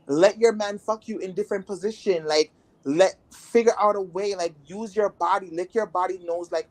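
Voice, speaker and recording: A woman's voice: medium pitch, normal speed. A woman guest in a casual interview who talks bluntly and rambles, with many filler words. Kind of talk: casual candid conversation.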